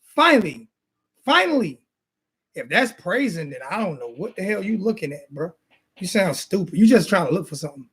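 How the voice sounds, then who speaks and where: A man's voice: sits high, animated, brisk, husky. A man hosting a sports talk show, ranting in a heated, repetitive way and throwing insults. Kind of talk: heated casual sports rant.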